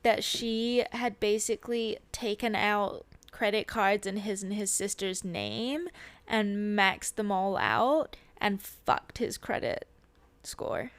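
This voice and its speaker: Slow, smooth-voiced young woman. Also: medium pitch, animated, no room sound. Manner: attentive listener who backs the talk with short replies. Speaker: podcast co-host. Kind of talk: casual podcast chat.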